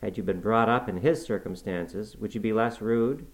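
Man voicing a middle-aged housekeeper woman, earnest, gently scolding, lowish voice, storybook. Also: normal speed, natural voice, poor audio. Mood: reproving.

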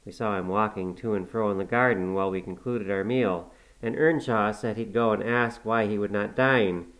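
A man narrating a classic novel aloud in a measured, unhurried storytelling manner. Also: fairly low pitch, fairly bright tone, rough recording. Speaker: audiobook narrator.

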